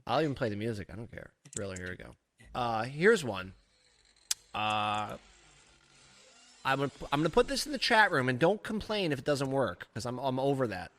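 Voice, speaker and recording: A man's voice: mid-range voice, very animated, moderate pace, fairly bright tone. Rambling, crude man hosting a podcast. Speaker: podcast host. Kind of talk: casual comedy banter, reading news stories.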